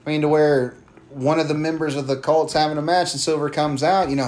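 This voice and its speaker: A man's voice: a little high, steady tone, darkish tone, slight background noise. Profane, rambling podcast guy. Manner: profane, rambling, acts out promos in quick voices. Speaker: podcast co-host. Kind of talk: casual podcast chat.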